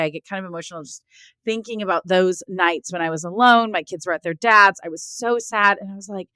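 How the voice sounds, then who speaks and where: A woman's voice: medium pitch, a little fast, pushed and bright, no echo. A middle-aged woman, a guest author in a podcast interview, speaking in an earnest, heartfelt way with many "like"s and "right?"s.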